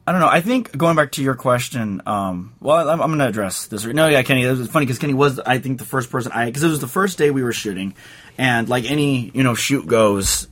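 A man's voice: mid-range voice, brisk, a bit bright. Laughing, rambling male storyteller. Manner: rambling, laughing while telling anecdotes. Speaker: director. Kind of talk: casual podcast storytelling.

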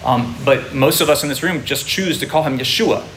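Bright-voiced man teaching a congregation. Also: mid-range voice, moderate pace, a little hiss or hum. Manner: explanatory, checks in with listeners. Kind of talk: sermon. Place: congregation room.

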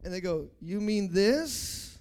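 Preaching a sermon to his congregation, a young pastor repeats key lines, asks for responses, and moves from quiet speech to shouts. He speaks slowly in a high voice with lively intonation.

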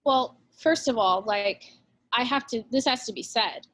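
In a casual podcast interview, a real estate agent delivers a blunt, fast-flowing pep talk with plenty of swearing. Her voice sits on the high side and is a bit bright.

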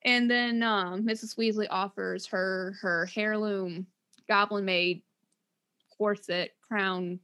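A woman co-hosting a casual book-talk show, lively and acting out characters' lines as she recaps. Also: mid-range voice, slow pace, smooth. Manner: animated, acts out characters' lines. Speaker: podcast co-host.

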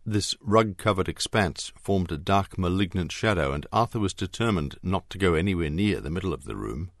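Deep-voiced male audiobook narrator. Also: expressive, normal speed, no room sound, studio quality. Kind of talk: scripted narration.

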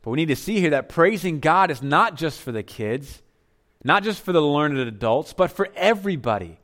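A man preaching a sermon as pastor, earnest, dropping to softer tones for emphasis. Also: a little high, big pitch swings, normal speed.

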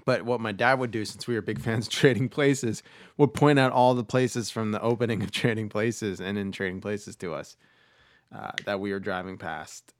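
A man's voice: fairly low pitch, fairly even intonation, moderate pace. A man hosting a podcast, chatting casually and rambling with lots of fillers and restarts. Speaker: podcast host. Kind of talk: casual chat about movies.

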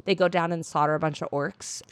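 A woman's voice: deep voice, steady tone, no room sound. A woman co-hosting a podcast, casually recapping a book chapter and breezily quoting the characters. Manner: breezy, quotes characters in quick put-on voices. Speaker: podcast co-host.

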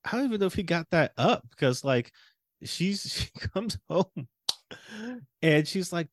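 Animated man riffing on a bad movie. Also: on the high side, moderate pace, dry recording, clean studio sound. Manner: animated, mocking line readings with laughter. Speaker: podcast co-host. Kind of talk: casual movie review chat.

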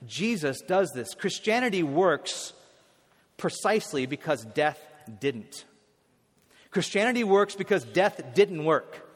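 A man preaching a sermon as a pastor, telling stories animatedly and swinging from hushed to loud. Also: on the high side, long reverb tail.

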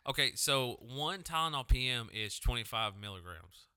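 A man's voice: medium pitch, lively intonation, moderate pace, sharp tone, clean tone, no echo, studio quality. A man co-hosting a podcast, swearing constantly and telling rambling stories in casual chat. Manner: swears constantly, tells stories in funny voices. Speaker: podcast co-host.

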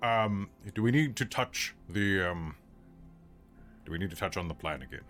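A man's voice: sits low, lively intonation, normal speed, fairly bright tone, soft background music. A man running a tabletop game as dungeon master, joking and self-mocking.

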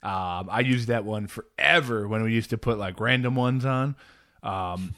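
Low-voiced man hosting a casual podcast. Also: a little slow, sharp tone, dry recording, clean studio sound. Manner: rambling, laughs often, many fillers. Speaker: podcast host. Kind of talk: casual chat.

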